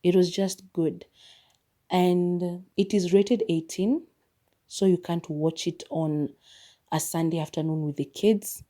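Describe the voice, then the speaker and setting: A woman hosting a podcast and talking through a movie review in a relaxed, chatty way. She is expressive and laughs often. Her voice sits a little low, with a dark, mellow tone. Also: takes it slowly. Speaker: podcast host. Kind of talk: casual movie review chat.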